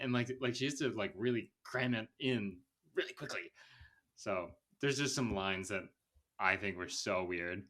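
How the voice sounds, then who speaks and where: A man's voice: lowish voice, moderate pace, fairly bright tone. A man hosting a podcast, chatting casually about a movie in a rambling way, laughing often and quoting lines in a raised voice. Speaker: podcast host.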